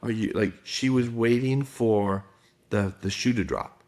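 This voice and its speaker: A man's voice: lowish voice, unhurried, darkish tone. A middle-aged man, a guest expert in a podcast interview, telling stories and acting out quotes. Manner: storytelling with acted quotes.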